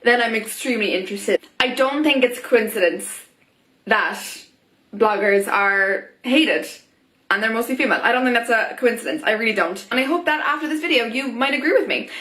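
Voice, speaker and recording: A chatty young woman vlogging her opinions straight to camera, animated and quick to say "oh my god". Her voice sits a little high and sounds bright and forward. The room around her rings with a noticeable echo. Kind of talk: casual opinion vlog to camera.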